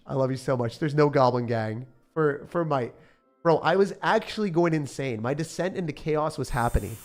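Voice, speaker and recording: A young man streaming a game live, reacting loudly and then mumbling low as he talks through decks. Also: normal speed. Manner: excitable, swings from shouting to low mumbling. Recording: faint music behind.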